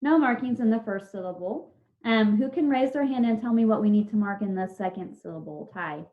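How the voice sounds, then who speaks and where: A patient, encouraging woman teacher leading a spelling lesson over a video call. She draws each word out slowly as she dictates, at a middle pitch. The call audio sounds dull and lo-fi. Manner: slow, drawn-out dictation of words.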